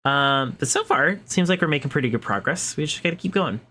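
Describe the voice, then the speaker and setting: A young woman chatting casually to her viewers while streaming a game, excitable and talking to her cat. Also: low voice, quick pace. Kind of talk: casual live stream chat.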